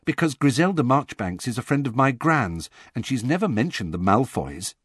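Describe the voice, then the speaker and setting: A man voicing a shy, miserable teenage schoolboy who speaks quietly and subdued. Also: mid-range voice, very animated, normal speed, slightly rough, no echo, clean studio sound, voice pushed up.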